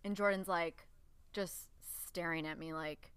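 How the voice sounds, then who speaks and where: A woman's voice: on the low side, steady tone, a little slow, fairly bright tone, clean tone, dry recording. A young woman co-hosting a podcast, chatting candidly and swearing freely, often laughing. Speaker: podcast co-host. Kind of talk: casual chat.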